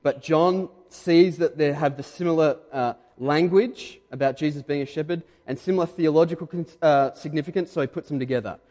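A man with an Australian accent preaching a sermon, his voice pitched a little higher than most men. He talks to the congregation conversationally, then leans hard into the points that matter. The sound carries a long reverb from a church hall. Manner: emphatic, conversational, quickly louder when stressing points.

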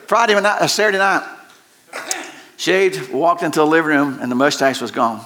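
A man's voice: normal speed, pushed and bright, a little hiss or hum. A man preaching a sermon, telling stories in a folksy way, laughing and swinging his voice up and down. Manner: folksy storytelling with laughs and shifting pitch. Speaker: pastor.

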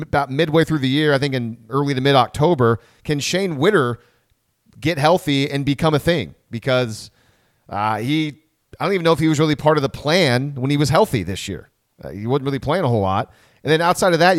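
A man's voice: mid-range voice, dry recording, clean studio sound. A man hosting a casual sports podcast, rambling and correcting himself as he talks through the team. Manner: rambling, self-correcting, quick asides. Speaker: podcast host.

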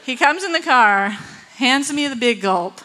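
Bright high-voiced woman telling a story. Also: measured pace, slight background noise, rough recording. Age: adult with children. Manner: animated, acts out quotes, laughs often. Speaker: speaker telling a personal story. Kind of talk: personal storytelling.

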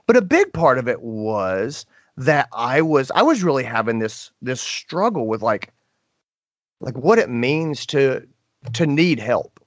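A middle-aged man co-hosts a podcast, telling a story in a loose, chatty way. His pitch swings widely, and he jumps into high voices when he quotes people. The sound is dry and close to the mic. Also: very animated, unhurried, no room sound. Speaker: podcast co-host. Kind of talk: casual storytelling chat.

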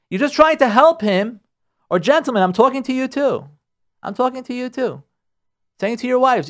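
Animated, high-pitched rabbi preaching. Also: male voice, normal speed, pauses often. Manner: animated, repeats phrases, acts out nagging spouses. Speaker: rabbi giving a talk. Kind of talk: lively sermon on marriage. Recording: radio broadcast.

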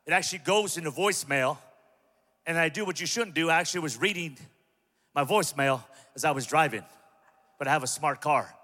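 A male pastor preaching a sermon to a large church, impassioned and humorous, building up to shouts. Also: a little high, fairly quick. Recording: long hall reverb.

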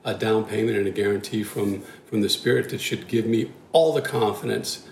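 Church leader, man, halting thoughtful talk, roomy echo, faint hiss. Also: lowish voice, fairly even intonation, vocal fry. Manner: halting, thoughtful, many restarts. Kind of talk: casual discussion.

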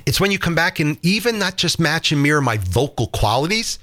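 A man coaching on communication in an interview, lively and emphatic, joking as he explains. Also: a little high, brisk. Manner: lively, jokey, emphatic, acts out examples.

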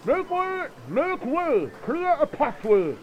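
A man playing a paranoid man shouting through a hazmat mask in a comedy audio play, his voice muffled. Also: very high-pitched, very animated, racing, heavy background noise. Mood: blustering.

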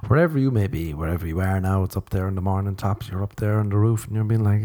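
Irish guy rambling on his podcast, crude, kinda low warm voice. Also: fast, few pauses. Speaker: podcast host. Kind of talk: comedic solo podcast monologue.

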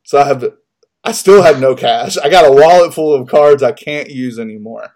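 A man in casual podcast chat, spinning a long story in a loose, profane way. His voice sits at an ordinary middle pitch, and he laughs at his own misfortunes as he goes. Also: moderate pace, darkish tone. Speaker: podcast co-host.

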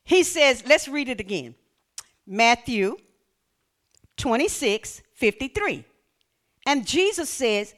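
A woman preacher delivering a sermon, reading scripture and building to shouted calls to the congregation. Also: high voice, lively intonation, measured pace, pauses often.

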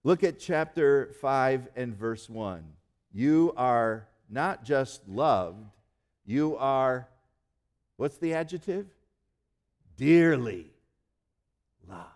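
A male pastor preaching a sermon in earnest, slowing down and dropping almost to a hush to stress key words. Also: medium pitch, expressive. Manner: earnest preaching, slows and drops to near-quiet for emphasis.

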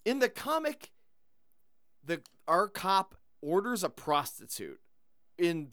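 Lively, high-voiced man in dry close sound. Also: takes it slowly, dry recording. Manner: animated, comparing film to the comic. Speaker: podcast guest. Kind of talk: casual chat.

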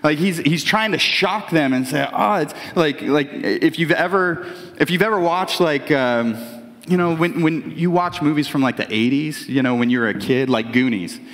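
A man preaches to a congregation in a loose, chatty style, stumbling and restarting as he goes. His voice sits a little high for a man. The sound rings with the long reverb of a large church hall. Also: moderate pace, a bit bright. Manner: conversational preaching with many restarts, voices imagined characters. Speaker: pastor. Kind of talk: sermon.

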